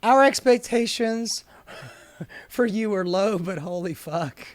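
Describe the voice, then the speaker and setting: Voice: medium pitch, slow. A host giving casual commentary while reading protest signs aloud, sassy and profane, laughing often.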